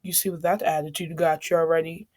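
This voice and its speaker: A woman's voice: deep voice, level tone, fast talker, a little mellow, no room sound, studio quality, voice pushed down. A teenage boy turned bold, cool and defiant, talking back in loose slang, as a woman narrating puts him on. An everyday voice with an edge.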